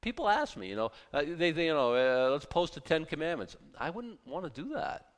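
A man's voice: a little high, sing-song, brisk, in a large hall. A man preaching a sermon with passion and zeal, mixing in mocking asides. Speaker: pastor.

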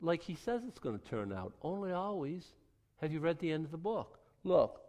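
Animated preaching man in a reverberant hall. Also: fairly high pitch, moderate pace. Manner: animated, wry preaching with dramatic voices for God and kings. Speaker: pastor. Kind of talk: sermon.

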